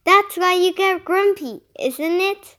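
A kind middle-aged mother from a storybook, soothing and gentle, voiced by a child reading aloud. The voice is high and unhurried. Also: exaggerated voice.

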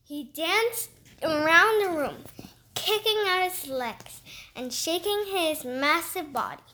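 A woman reading a children's story aloud in an expressive, lively way. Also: very high-pitched, slow pace, a little hiss or hum. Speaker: storybook reader.

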